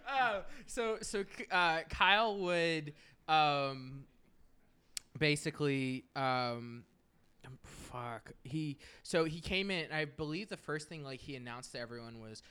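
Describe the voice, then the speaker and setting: A young podcast host with a very bright, ringing voice and a smooth, crisp tone. He tells long, rambling stories full of swearing and quick impressions of coworkers, in a loose, casual chat. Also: fairly high pitch.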